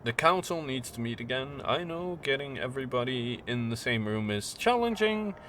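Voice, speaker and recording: A man's voice: mid-range voice, expressive, moderate pace, fairly bright tone, slight background noise, natural voice. A man voicing a nasal, scheming woman who speaks in a businesslike way. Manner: sing-song turning businesslike.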